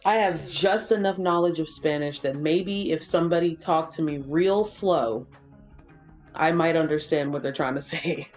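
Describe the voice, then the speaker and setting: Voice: medium pitch, normal speed, soft background music. A gaming channel co-host chatting casually during a playthrough, rambling with lots of fillers and swearing freely. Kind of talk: casual chat while streaming a game.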